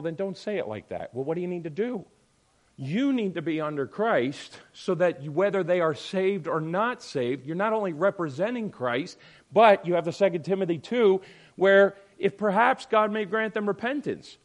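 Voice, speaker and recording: A man pastor giving a conversational sermon, swinging between loud emphasis and quiet asides. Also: on the high side.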